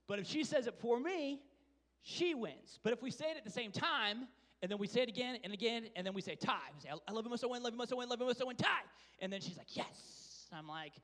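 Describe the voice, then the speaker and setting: A man giving a casual, rambling sermon, telling stories about his life and kids. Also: high voice. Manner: rambling, chatty, self-deprecating storyteller. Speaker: preacher. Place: large church hall. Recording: reverberant church hall.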